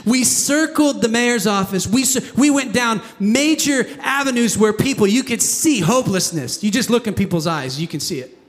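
High-voiced preaching man in a big hall. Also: animated, normal speed. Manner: emphatic preaching with call-and-response questions. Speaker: pastor. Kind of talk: sermon. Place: church sanctuary.

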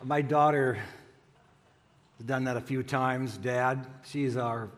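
A man's voice: mid-range voice, fairly even intonation, takes it slowly. An older man, a pastor, giving a chatty, folksy sermon full of stories and fillers. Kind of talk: sermon with jokes. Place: church sanctuary. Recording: long church reverb.

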